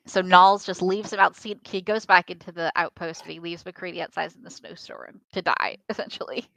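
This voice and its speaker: A young woman co-hosting a podcast, talking in a measured, thoughtful way with some hesitant fillers. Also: lowish voice, steady tone, creaky, fairly bright tone, no room sound. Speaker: podcast co-host. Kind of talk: casual film discussion.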